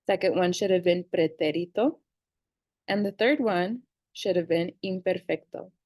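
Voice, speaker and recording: A young woman in her twenties teaching a casual grammar lesson, reading verb forms slowly and clearly. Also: on the low side, darkish tone, no room sound. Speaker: Spanish teacher.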